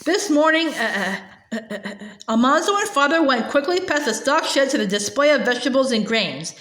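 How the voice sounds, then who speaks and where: A woman's voice: high voice, big pitch swings, a little fast, a bit bright, echoey room. A woman reading a children's novel aloud. Her reading is hesitant, with frequent filler sounds and stumbles. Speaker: storybook reader.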